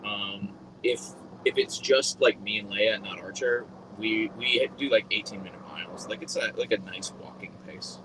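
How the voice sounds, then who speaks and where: A man hosting a casual live stream, rambling in a friendly way with lots of fillers, speaking into a boom mic. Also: moderate pace, noisy background. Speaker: livestream host.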